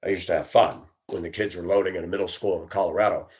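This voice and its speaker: A man telling stories about his years as a school bus driver, blunt and animated, acting out the voices he quotes. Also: sits low, fast talker. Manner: blunt, plain-spoken. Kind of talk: storytelling monologue.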